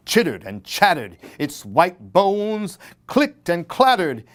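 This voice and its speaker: A male children's librarian reading a Halloween story aloud. He reads slowly and deliberately, drawing out words, and his voice rises and falls dramatically from line to line. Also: high voice, wildly swooping pitch, a bit bright.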